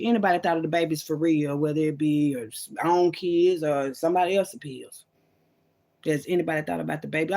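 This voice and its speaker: A woman's voice: mid-range voice, gravelly. A woman in a rambling, casual monologue to her viewers. She calls them "y'all", "baby" and "boo", and often drops in "mm-mm" and "mm-hmm" asides.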